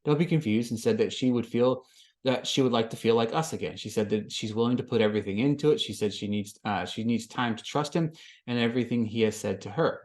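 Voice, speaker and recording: A man hosting a podcast, recapping a reality show in casual commentary, swinging from flat summary to loud exasperated rants. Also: mid-range voice, quick pace. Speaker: podcast host.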